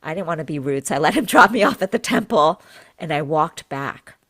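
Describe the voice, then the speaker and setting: A woman's voice: low voice, a little fast. A woman, a healer and podcast guest, earnestly recounting a personal spiritual experience, repeating phrases for emphasis and acting out what was said. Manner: animated, acts out her own and others' words. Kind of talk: emotional personal storytelling.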